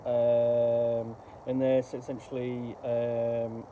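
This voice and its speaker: A middle-aged man giving casual, rambling, halting commentary while unboxing a book. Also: medium pitch, monotone, phone-quality sound, slight background noise.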